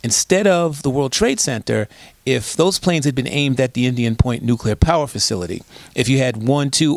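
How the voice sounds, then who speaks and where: A man speaking as a guest in an interview, telling stories emphatically and asking rhetorical questions. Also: medium pitch. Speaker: guest, disaster preparedness expert. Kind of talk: conversational interview.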